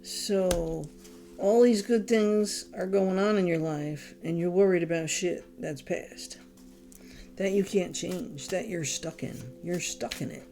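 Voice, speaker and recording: A woman's voice: lowish voice, slow, creaky, mellow. A woman giving a casual tarot reading, blunt and exasperated, swearing freely as she talks straight to the listener. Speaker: tarot reader. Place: home, candles lit.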